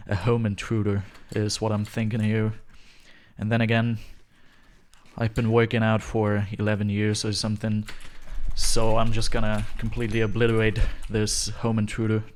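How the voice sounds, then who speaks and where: A man's voice: lowish voice, completely flat delivery, moderate pace, a little mellow. A man live-streaming a game from his home, rambling and joking to his chat with frequent chuckles. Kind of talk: live gaming stream chatter. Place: home room, alone.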